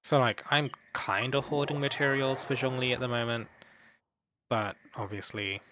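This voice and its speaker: A man's voice: medium pitch, steady tone, normal speed, noisy background. A young man casually commenting on a game while streaming, chatting with viewers and swearing offhandedly.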